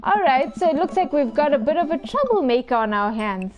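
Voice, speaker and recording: A woman's voice: high-pitched, very animated, brisk, darkish tone. A woman hosting a gaming video, reading a dating game's text aloud and adding playful, giggly, teasing asides. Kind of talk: reading a dating game aloud with live commentary.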